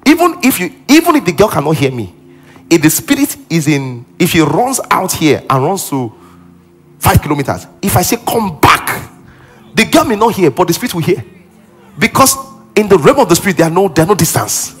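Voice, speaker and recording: A man's voice: on the high side, big pitch swings, normal speed, pauses often, a bit bright, husky, soft background music. A man preaching a sermon as pastor in a church auditorium, building to exclaimed emphasis.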